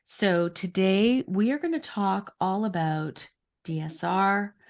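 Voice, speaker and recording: A woman hosting a podcast, reading her guests' introduction and then asking questions in a measured, deliberate way. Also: medium pitch, animated. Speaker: podcast host.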